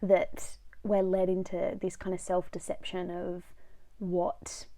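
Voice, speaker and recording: A woman's voice: on the low side, little pitch movement, slow pace, dark tone. A young woman chatting casually about books she has read, rambling a little with lots of fillers. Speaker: book vlogger. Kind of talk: casual book review vlog.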